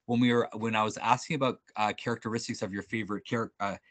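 A man presenting a sales webinar over a video call, upbeat and animated, joking with attendees and restarting his sentences often. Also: on the low side, quick pace. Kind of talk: energetic workshop presenting.

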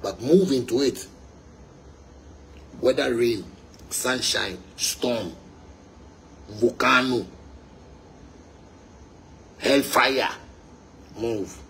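Ghanaian guy going off to his fans, loud and repetitive, drops into pidgin, mid pitch, light hiss in the back. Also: very slow, gravelly, pauses often, low-quality recording. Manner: fiery, repetitive, emphatic, slipping into pidgin. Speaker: musician. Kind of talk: impassioned monologue to fans.

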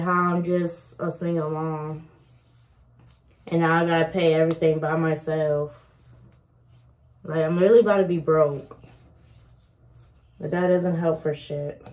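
A woman's voice: lowish voice, fairly even intonation, unhurried, pauses often. A young woman vlogger talking frankly to her viewers, swearing freely and venting about her life as a single mom. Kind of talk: casual chat to camera.

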